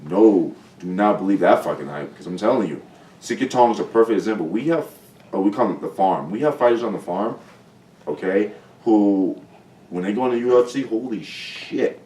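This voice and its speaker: A man talking as a guest fighter in a casual podcast chat, blunt and profane with animated storytelling. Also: lowish voice, fairly quick. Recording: roomy sound from a distant mic.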